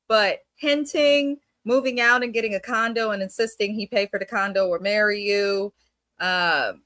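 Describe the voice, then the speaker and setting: A woman co-hosting a casual reality TV recap, giving frank advice at a measured pace. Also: mid-range voice, pushed and bright, dry recording. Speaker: podcast co-host.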